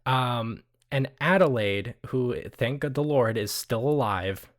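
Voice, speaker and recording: A young man running a tabletop game, loose and profane, slipping into in-character asides and laughing at his own names. Relaxed, conversational narration at a middling pitch. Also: slow pace. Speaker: game master.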